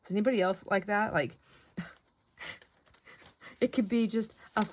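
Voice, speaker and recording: A woman's voice: mid-range voice, moderate pace. A middle-aged woman chatting casually while she paints, rambling and laughing often. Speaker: craft vlogger.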